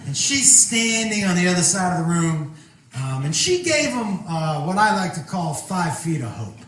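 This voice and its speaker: A man performing a stand-up comedy set on stage, telling a loud, animated story and shouting punchlines. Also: high-pitched, normal speed. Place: stage before a live audience. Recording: echoey venue recording from a distance, noisy.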